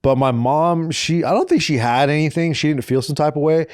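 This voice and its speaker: A man's voice: fairly high pitch, brisk, a little mellow, no echo, studio quality. A man in his thirties casually telling a funny story as a podcast co-host, rambling and swearing freely.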